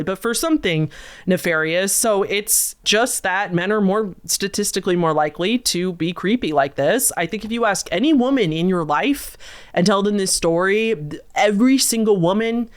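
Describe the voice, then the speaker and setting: A woman's voice: lowish voice, clear, resonant tone. Woman reading scary stories with sarcastic asides. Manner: sarcastic asides and disgusted interjections. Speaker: host reading viewer-submitted scary stories. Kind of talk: storytelling reading with reactions.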